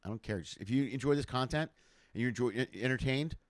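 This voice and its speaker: A man's voice: medium pitch, quick pace, no room sound, clean studio sound. A middle-aged man, a comedian hosting his own livestream from home, chatting casually and rambling through funny road stories with lots of asides. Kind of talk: casual stand-up storytelling. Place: home room. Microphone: home webcam setup.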